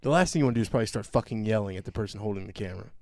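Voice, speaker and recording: A man co-hosting a podcast, telling a long story in a casual, profane, animated way and mimicking other people's voices. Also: lowish voice, very fast, dry recording, clean studio sound. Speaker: podcast co-host.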